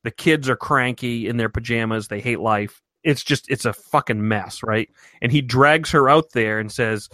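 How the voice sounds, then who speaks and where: A man co-hosting a casual podcast chat, telling stories in an animated way and swearing freely. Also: medium pitch, normal speed, few pauses, no echo, clean studio sound. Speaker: podcast co-host.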